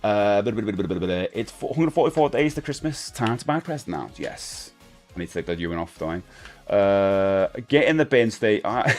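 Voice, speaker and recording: A man's voice: on the low side, lively intonation, normal speed, darkish tone, soft background music. A middle-aged man hosting a live stream, rambling casually and answering chat comments. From United Kingdom.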